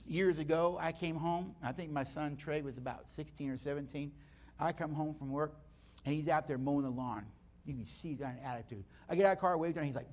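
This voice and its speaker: A middle-aged man speaking in church, telling stories and acting out the dialogue. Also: on the high side. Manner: animated storytelling, acting out dialogue. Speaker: guest speaker. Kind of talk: church teaching talk.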